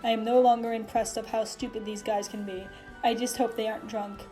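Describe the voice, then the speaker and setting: Brief: woman reading fan fiction, mellow, fairly high voice, wry asides. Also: little pitch movement, fairly quick, soft background music. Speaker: reader.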